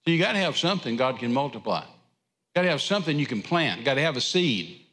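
A man's voice: mid-range voice, very animated, fast talker, fairly bright tone, long reverb tail. A man preaching a sermon, retelling scripture with an emphatic, repetitive cadence. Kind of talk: sermon storytelling. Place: church sanctuary.

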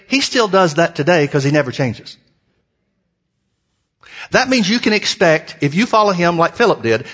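A man preaching a sermon in a folksy, animated way, full of rhetorical questions. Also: on the high side.

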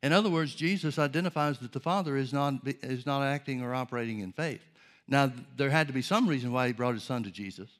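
A man preaching a sermon, teaching in an earnest, measured way and asking rhetorical questions. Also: medium pitch, fairly bright tone.

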